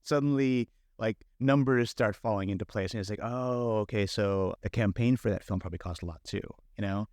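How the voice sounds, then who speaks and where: Middle-aged male director, low voice, chatty and animated, dry close mic. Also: a little fast, few pauses, no echo. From San Francisco Bay Area. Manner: animated, lots of filler and quoted inner thoughts. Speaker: film director, interview guest. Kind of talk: casual conversational storytelling.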